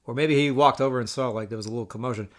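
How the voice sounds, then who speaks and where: A man's voice: medium pitch, racing. A man telling a poker table story as an exasperated, profane rant, full of stammered restarts. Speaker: poker player vlogger. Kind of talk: ranting storytelling.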